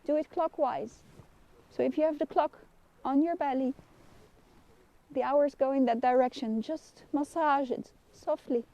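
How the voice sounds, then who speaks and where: A middle-aged woman with a Dutch accent, a kinesiologist giving a gentle, soothing live lesson and laughing softly now and then. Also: high-pitched, a little slow, muffled recording. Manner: gentle, soothing guidance with frequent soft laughs. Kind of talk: live-streamed wellness lesson.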